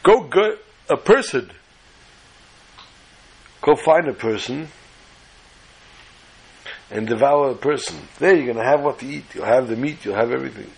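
A man voicing a sly, scheming fox in a storytelling parable, coaxing and persuasive, with a gravelly, husky voice. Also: mid-range voice, lively intonation, moderate pace, long pauses, low-quality recording. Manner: coaxing, wheedling.

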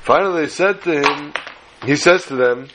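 A man telling a story to a class in a lively way, repeating phrases and mixing in Yiddish and Hebrew terms. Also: on the high side, moderate pace, background noise.

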